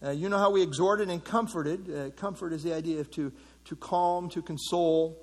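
A middle-aged man teaching a Bible passage in a relaxed, conversational way, with many fillers and restarts. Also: fairly high pitch, moderate pace. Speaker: pastor teaching a Bible study.

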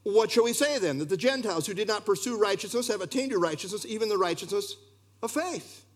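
Male pastor, middle-aged, teaching a sermon. Voice sits high and swings widely in pitch. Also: fast talker. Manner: animated, emphatic preaching with sudden drops in volume. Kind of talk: expository sermon.

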